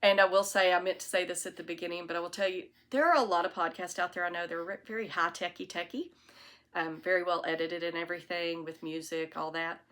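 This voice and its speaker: Bright-voiced chatty knitting vlogger woman. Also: on the low side, steady tone, fast. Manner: chatty, rambling, self-deprecating. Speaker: knitting podcast host. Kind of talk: casual chat to camera. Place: at home, alone. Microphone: iPad on a tripod.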